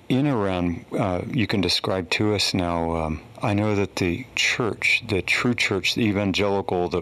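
A male interview host with a very deep voice asks his guest questions. He prompts him along with admiring remarks. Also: fairly bright tone.

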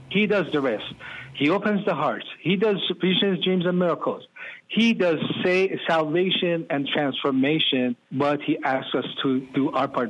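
A male pastor telling stories in an interview, animated and quick to burst into excitement. His voice is husky and sits a little high for a man. The recording is muffled and lo-fi. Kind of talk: storytelling interview talk.

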